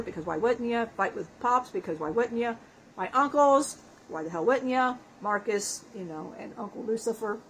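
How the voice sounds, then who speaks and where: Woman channeling the spirit of a dead man, crude, self-mocking, laughs a lot, high voice. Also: a bit bright, a little hiss or hum, rough recording.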